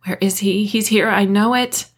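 A woman voicing a terrified young woman who whimpers in a breathy, high voice. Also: fairly even intonation, normal speed, close to an everyday voice. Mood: panicked.

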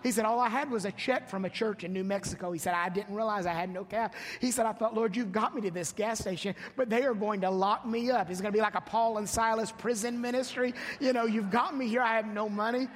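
A male pastor telling a long story in a sermon, repeating "he said" and building to loud, emphatic bursts. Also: high-pitched, fairly even intonation, quick pace, few pauses. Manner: retells a story with many "he said" tags, rising to loud emphatic bursts. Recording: long reverb of a church hall.

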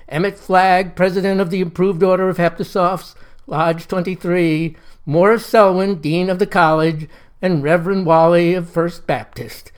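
A man narrating a first-person story in a folksy, wry, deadpan manner. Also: sits high.

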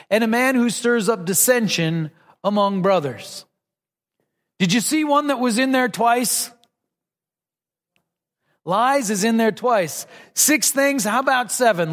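Male pastor, preaching a sermon, fairly high voice, long reverb of a church hall. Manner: rhetorical questions to the congregation, repeating lines for emphasis.

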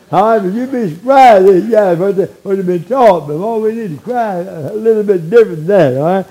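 A man's voice: sits high, animated, moderate pace, dark tone, low-quality recording. A man in his eighties preaching a sermon in a folksy way, often checking in with "all right?" and chuckling between lines. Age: 80s. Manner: folksy, frequent tag questions like "all right?".

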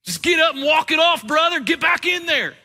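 A man's voice: extremely high pitch, animated, fairly quick, bright, forceful tone, big-room sound, pitched above the performer's own voice, heavily acted. A man playing a dismissive, tough-love sports trainer who barks orders. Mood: barking.

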